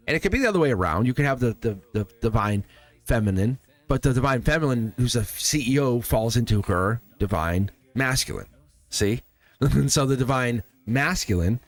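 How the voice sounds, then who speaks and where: A man doing a live-stream tarot reading, talking in a rambling, emphatic way, repeating words and laughing often. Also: on the low side. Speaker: tarot reader.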